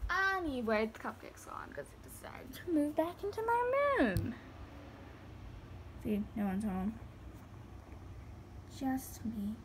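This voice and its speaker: Woman, home-tour vlog, phone mic, rambling and giggly, lively swooping pitch, unhurried. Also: background noise. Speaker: vlogger. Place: indoors at home.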